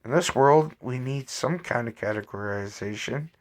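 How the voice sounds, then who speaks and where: A man's voice: medium pitch, normal speed, close to an everyday voice. A man voicing a curious, frustrated male telepath who asks earnest, pressing questions. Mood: earnest, questioning.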